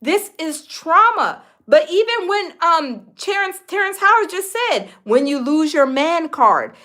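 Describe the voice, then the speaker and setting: High-voiced chatty woman gossip host. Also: sing-song, measured pace, pushed and bright. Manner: chatty, addresses viewers directly with many fillers. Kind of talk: celebrity gossip commentary.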